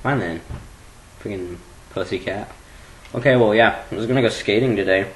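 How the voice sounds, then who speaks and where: A man's voice: fairly low pitch, moderate pace, slight background noise, low-quality recording. A teenage boy chatting casually at home into his webcam, rambling and joking and prone to giggling. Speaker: vlogger.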